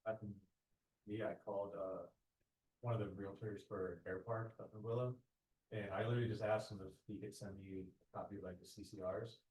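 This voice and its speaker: Deep, flat-voiced man heard from across the room. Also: fairly quick. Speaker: class participant. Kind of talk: casual anecdote. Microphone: far from the mic. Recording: distant, roomy classroom audio.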